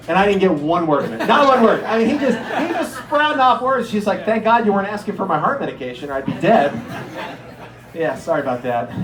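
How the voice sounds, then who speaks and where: A man doing an animated stand-up comedy set, telling stories with incredulous acted-out bits. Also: sits high. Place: comedy stage before a live audience. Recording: echoey room.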